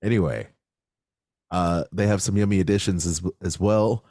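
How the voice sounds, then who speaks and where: A man with a very low voice chats on a podcast, playful and quick with a joke. He laughs easily. The sound is dry and close, with no room echo. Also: mellow. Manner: playful, jokey, laughs often. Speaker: podcast co-host. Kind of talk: casual chat.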